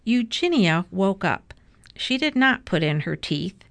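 A woman's voice: medium pitch, no room sound. A woman expressively reading a children's chapter book aloud. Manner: expressive, unhurried. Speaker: storybook reader.

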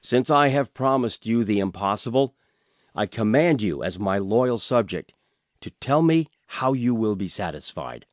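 A man's voice: on the low side, animated, measured pace, dry recording, clean studio sound. A man doing a roaring, proud storybook king. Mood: stern. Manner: roaring, commanding. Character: proud, angry old king.

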